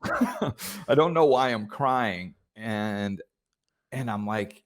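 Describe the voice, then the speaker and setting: A man hosting a podcast, talking in a thoughtful, hesitant way with many pauses and restarts. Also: on the low side, a bit bright. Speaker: podcast host. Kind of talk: reflective conversational talk.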